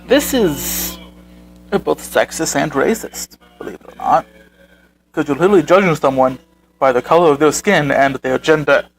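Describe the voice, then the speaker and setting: Male commentary host, slightly high voice, sarcastic and exasperated, faint music underneath. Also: normal speed, creaky, poor audio. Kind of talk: reading and reacting to posts.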